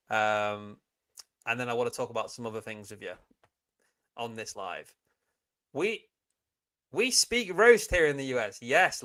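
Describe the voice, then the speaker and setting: Male stream host, slightly high pitch, loose and chatty, laughs easily. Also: fairly bright tone. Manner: chatty, giggly, reads chat comments aloud. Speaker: livestream host. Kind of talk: casual live-chat stream.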